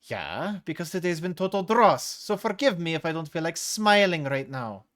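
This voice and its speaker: A man voicing a fed-up young woman, flat and firm. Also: on the high side, normal speed, lightly acted. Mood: exasperated. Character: fierce young female bus rider, fed up.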